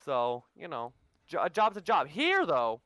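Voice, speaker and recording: A man telling workplace stories in a casual podcast chat, animated and swearing freely. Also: on the high side, unhurried, no room sound. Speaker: podcast co-host.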